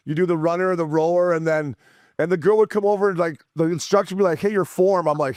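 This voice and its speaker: A man's voice: high voice, fairly even intonation, quick pace, a little mellow, no room sound, studio quality. A man hosting a casual podcast, trading crude, teasing banter with the guest. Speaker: podcast host.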